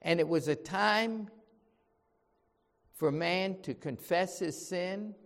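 A male preacher with a high voice delivers his sermon at an unhurried pace. He speaks with emphasis, often turning rhetorical questions on his listeners, and a long hall reverb trails behind his words. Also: fairly bright tone.

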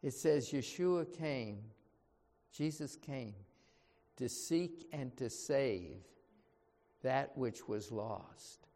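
Slow, high-voiced preacher in an echoing hall. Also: male voice, lively intonation, mellow. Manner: emphatic, with rhetorical questions to the listeners. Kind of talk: sermon. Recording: reverberant hall.

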